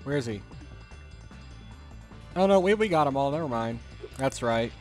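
A man's voice: mid-range voice, lively intonation, moderate pace, soft background music. A man giving casual, jokey commentary while playing a video game, grumbling at the levels. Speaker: let's play host.

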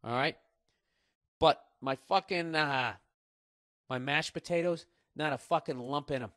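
A man's voice: on the high side, measured pace, pauses often, fairly bright tone, no echo, studio quality. A middle-aged man with a Boston accent, hosting a podcast and ranting sarcastically with lots of swearing. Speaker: podcast host. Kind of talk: casual comedic monologue.

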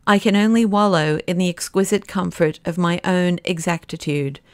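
A man's voice: high-pitched, normal speed, smooth, no room sound. A woman voicing a placid, cynical pessimist. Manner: calm, dry and sardonic.

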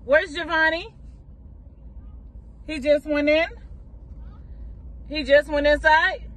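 A woman filming a casual vlog, talking to viewers in a relaxed, chatty way full of slang. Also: high voice, slow. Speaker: vlogger. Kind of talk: casual vlog chat to camera. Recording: loud outdoor and car noise. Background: traffic and street noise.

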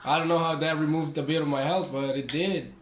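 A man's voice: on the high side, fairly even intonation, fairly quick, echoey room, a little hiss or hum. A young man giving casual gameplay commentary, joking, swearing and taunting the enemies on screen. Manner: profane, joking, talks to the game's enemies. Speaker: gaming channel host.

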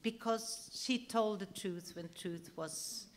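A woman telling an anecdote on stage. She is animated and laughs her way through the story, often restarting her sentences. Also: mid-range voice, slow, a little hiss or hum.

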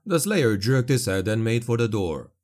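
A man narrating a dark fantasy audiobook in a steady, dramatic storytelling manner. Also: mid-range voice, normal speed.

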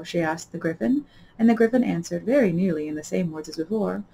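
A woman reading a children's story aloud for a library storytime, with expressive, animated delivery. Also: on the low side, brisk, vocal fry, breathy edge, rough recording.

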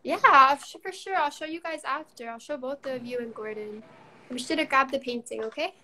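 A woman's voice: sits high, a little fast, bright, forceful tone. A young adult woman hosting a live painting session, upbeat and encouraging, chatting casually as she paints. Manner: encouraging, upbeat, laughs often. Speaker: live-stream painting host. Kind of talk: casual chat while painting.

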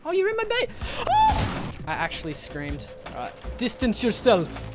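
A woman gaming streamer giving excitable gameplay commentary, with loud outbursts, swearing and jokes. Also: mid-range voice, moderate pace. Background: background music.

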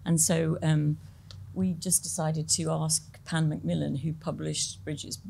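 Chatty woman with gravelly low voice. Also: flat delivery, measured pace, dark tone, slight background noise. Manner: chatty, self-deprecating, laughs often, many fillers and restarts. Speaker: film director, guest. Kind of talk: conversational Q&A interview.

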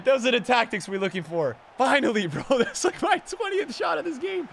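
Streamer: male, bright and lively voice, sarcastic play-by-play with frequent outbursts. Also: very high-pitched, a little fast, gravelly, few pauses, slight background noise. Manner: sarcastic, bantering, often shouting at the game. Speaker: gaming streamer. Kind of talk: live gameplay commentary.

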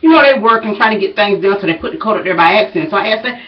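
A woman's voice: mid-range voice, animated, rapid-fire. A woman, out of breath, chatting casually and folksily to her viewers as a vlogger. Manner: chatty, folksy, drawling asides. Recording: dull, distant home recording.

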